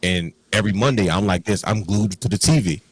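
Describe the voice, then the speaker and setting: A man's voice: fairly low pitch, brisk, a little hiss or hum, poor audio. A man co-hosting a wrestling talk show, talking enthusiastically and rambling. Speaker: podcast co-host. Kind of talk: casual chat.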